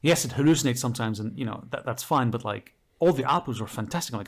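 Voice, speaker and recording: A man co-hosts a casual podcast chat in a voice of middling pitch. He explains his ideas at length and with enthusiasm, padding his talk with fillers. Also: expressive, quick pace. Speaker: podcast co-host.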